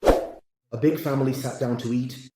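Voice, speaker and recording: A man reading a string of short jokes aloud in a flat, scripted way. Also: medium pitch, unhurried, reverberant, background noise. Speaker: joke narrator.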